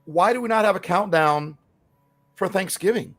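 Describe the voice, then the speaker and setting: A middle-aged man talking on a podcast in an excited, preachy motivational way. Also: sits high, moderate pace. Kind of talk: casual podcast chat.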